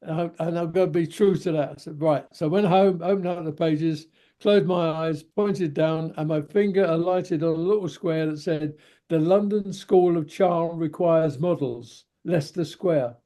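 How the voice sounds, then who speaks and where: A man's voice: fairly high pitch, steady tone, moderate pace, mellow. Older Cockney man spinning a yarn. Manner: rambling yarn-spinner, acts out the people he quotes. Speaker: guest, veteran stuntman. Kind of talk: anecdotal storytelling. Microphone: video call.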